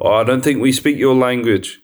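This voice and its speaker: A man's voice: mid-range voice, moderate pace, slight background noise. A man playing a tabletop game, jokey and crude in his banter. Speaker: player. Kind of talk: casual tabletop role-play.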